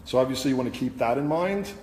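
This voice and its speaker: Speaking fast and expressively, this man has a medium pitch and a darkish tone, with slight background noise present. He's a hairstylist hosting a live haircut demo, chatting and explaining each step as he cuts, in a salon studio with long reverb and faint ambience.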